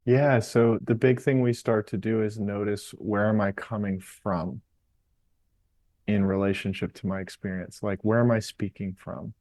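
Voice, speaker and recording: A man with a low, warm, mellow voice talks through his ideas in a calm, explanatory way, as a guest on a podcast interview. His voice is dry and close, with no room sound around it. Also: normal speed, no echo. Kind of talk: reflective interview talk on meditation.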